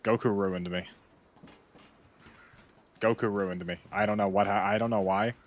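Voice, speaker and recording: A man's voice: on the low side, steady tone, a little slow. A young American man streaming a game, rambling and joking casually as he plays. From United States. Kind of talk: casual gameplay commentary.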